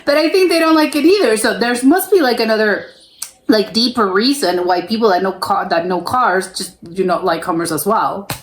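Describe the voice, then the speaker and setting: A woman's voice: mid-range voice, lively intonation, moderate pace. Woman, American accent, casual reaction chat, hesitant, filler-heavy, echoey room. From United States. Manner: chatty and hesitant, full of "like" and restarts. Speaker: reaction video host.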